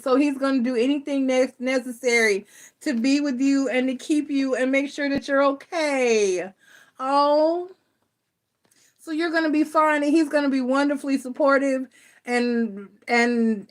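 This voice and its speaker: A woman giving a live tarot reading, rambling and reassuring, with many fillers and restarts. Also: fairly high pitch. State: close to tears. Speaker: tarot reader.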